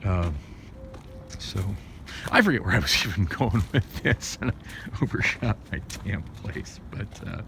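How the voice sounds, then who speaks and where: A man's voice: expressive, a little slow, vocal fry, fairly bright tone. A man vlogging a rambling story about a bad ride, full of restarts and fillers. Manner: rambling, many restarts and fillers, rising pitch when agitated. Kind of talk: casual storytelling rant. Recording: noisy background.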